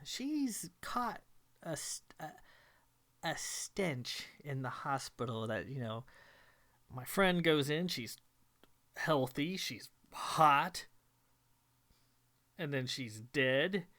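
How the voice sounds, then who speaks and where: A man's voice: mid-range voice, expressive, slow pace, pauses often, bright, forceful tone. A man giving casual film commentary, retelling a plot with wry jokes.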